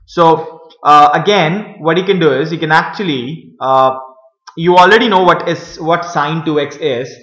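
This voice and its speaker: A man teaching a math lesson, talking viewers through each step with many pauses and fillers. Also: on the high side, fairly bright tone, roomy sound, low-quality recording. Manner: hesitant, many fillers, addresses viewers as guys.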